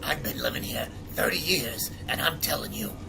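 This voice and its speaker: A man voicing a gravelly, jittery sewer trader. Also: mid-range voice, normal speed, heavily acted. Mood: agitated. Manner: excitable, repeats words with rising alarm. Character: jittery old sewer-dwelling male trader, paranoid. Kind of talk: game character dialogue.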